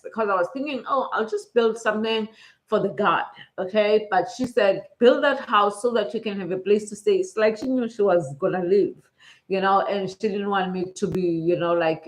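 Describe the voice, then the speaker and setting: Emotional South African woman telling her story. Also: medium pitch. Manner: chatty, often adds "okay?" to check in with viewers; emotional, close to tears. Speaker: vlogger. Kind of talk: casual personal storytelling. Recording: roomy echo.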